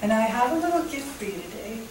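A woman's voice: a little high, lively intonation, fast. A woman presenting a parenting workshop, encouraging the group and setting up a role-play. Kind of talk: classroom presentation. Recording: echoey room, distant mic, background noise.

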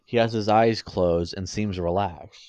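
A man reading a fan story aloud, halting and often stumbling and correcting himself. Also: on the low side, fairly even intonation, a little mellow, dry recording. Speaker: story reader.

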